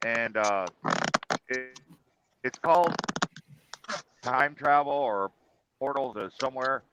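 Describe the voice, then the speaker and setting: A man's voice: medium pitch, slow pace, background noise. A man casually telling a personal story in a chat, rambling with fillers and restarts.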